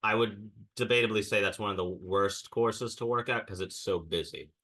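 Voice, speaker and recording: Deep, bright-toned man ranting. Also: normal speed. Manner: ranting storyteller, mimics people he quotes. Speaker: podcast co-host. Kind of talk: casual chat.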